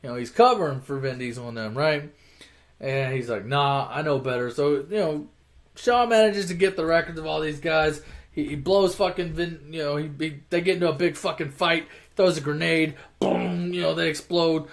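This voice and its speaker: A high-voiced young man tells an action movie's plot like a campfire story, swearing constantly and rambling through half-finished sentences. He slips into mocking voices for the characters and gets louder when something strikes him as ridiculous. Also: moderate pace. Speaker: storyteller retelling movie plots. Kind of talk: casual profane movie recap.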